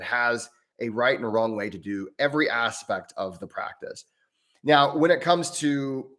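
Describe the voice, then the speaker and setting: A man's voice: medium pitch, fairly bright tone. A man hosting a live Q&A as a breathwork coach, explaining in an earnest way and thinking aloud as he answers member questions.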